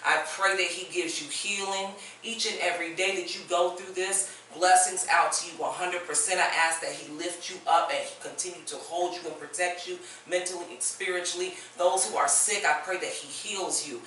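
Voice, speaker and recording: A woman's voice: on the low side, steady tone, normal speed, few pauses, sharp tone. A woman co-hosting a podcast, offering an earnest prayer and words of encouragement in a preaching cadence. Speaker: podcast co-host. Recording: echoey room, far from mic, faint noise.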